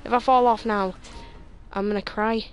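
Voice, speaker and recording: A woman's voice: medium pitch, steady tone, normal speed, smooth, muffled recording. A young woman commenting on online races while chatting with friends, easily frustrated and repeating words under pressure. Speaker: gamer playing online races. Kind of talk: live gameplay commentary with voice chat.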